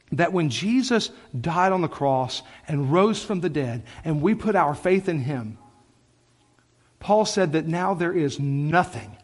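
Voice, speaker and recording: A man preaching a sermon as pastor, speaking passionately in a conversational way full of "like". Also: a little high. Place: church sanctuary. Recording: long church hall reverb.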